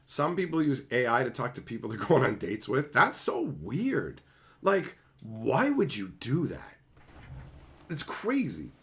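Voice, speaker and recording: A man's voice: medium pitch, wildly swooping pitch, a little slow, fairly bright tone. A man streaming live, ranting angrily and sarcastically with lots of swearing while answering his chat. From Canada. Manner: angry, profane, sarcastic ranting.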